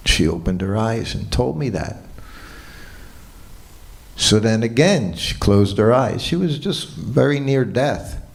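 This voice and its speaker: A man giving a morning lecture at a temple, telling a personal story in a relaxed way and quoting what people said. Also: fairly low pitch. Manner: relaxed anecdotal storytelling with quoted dialogue. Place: temple hall.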